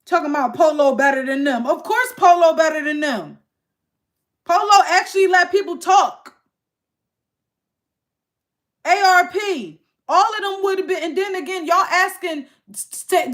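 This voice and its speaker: A woman's voice: very high-pitched, a bit bright. A young woman hosting a casual livestream, ranting to her chat in an exasperated way. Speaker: livestream host.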